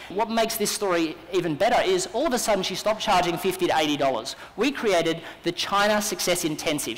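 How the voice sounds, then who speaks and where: A man with an Australian accent giving an energetic, persuasive keynote talk at a business conference. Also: sits high. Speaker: business speaker. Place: large conference hall. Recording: long hall reverb.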